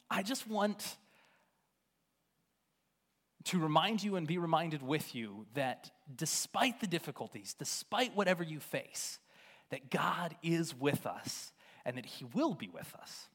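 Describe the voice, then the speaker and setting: An earnest young man preaches to a congregation, his voice sitting a little high and swinging widely as he goes. He stumbles over and repeats words when moved, and carries the talk like a missionary's farewell sermon. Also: sing-song, takes it slowly, a bit bright. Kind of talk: sermon-style storytelling and exhortation.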